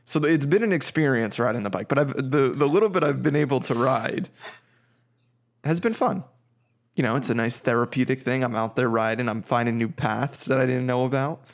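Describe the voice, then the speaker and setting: A man's voice: mid-range voice, a little fast. Podcast guy rambling through a story, swearing a lot. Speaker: podcast co-host. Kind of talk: casual chat.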